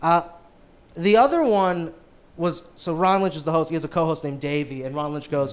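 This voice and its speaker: Young comedian guest, rambly and excitable, slightly high and very clear voice. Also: male voice, moderate pace. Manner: excitable, rambling, restarts often. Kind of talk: casual chat, storytelling.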